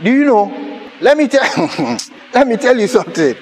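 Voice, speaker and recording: A high-pitched male pastor delivers an animated sermon, breaking into laughter and bursts of shouting as he tells his story. A faint hiss of noise sits under his voice. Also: moderate pace.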